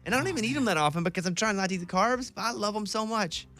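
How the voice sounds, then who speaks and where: Upbeat Southern radio host, somewhat high voice. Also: male voice, racing, bright, forceful tone, soft background music. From Arkansas. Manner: upbeat, leads the game. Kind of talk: casual morning radio banter. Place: radio studio.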